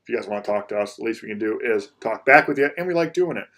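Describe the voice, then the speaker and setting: Young male hunting vlogger, casual and rambling, slightly low voice. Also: lively intonation, fast talker, a bit bright. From Michigan. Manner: rambling, restarts and repeats words. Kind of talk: casual vlog talk to viewers.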